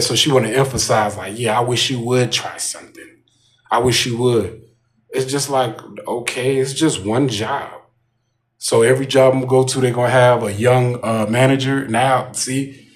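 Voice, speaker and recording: A man talking casually in a vlog, rambling with repeated asides to the viewer. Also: medium pitch. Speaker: vlogger.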